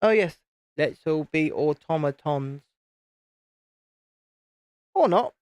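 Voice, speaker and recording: A UK YouTube host in his late thirties with a British English accent rambles casually while building live, often interrupting himself. His voice is on the high side, animated and smooth, at a slow pace, with no room sound.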